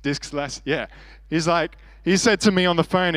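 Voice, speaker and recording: A pastor preaches a sermon in an earnest, conversational manner, acting out the prayers and speech he quotes. His voice sits on the high side and moves at normal speed, with no echo, while a worship band plays softly behind him.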